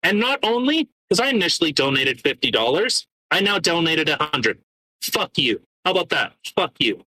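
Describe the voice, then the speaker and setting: A man's voice: fairly high pitch, very animated, brisk, few pauses, bright, forceful tone, no room sound, rough recording. A man co-hosting a casual podcast, ranting sarcastically, swearing often and stumbling as he reads out documents. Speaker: podcast co-host.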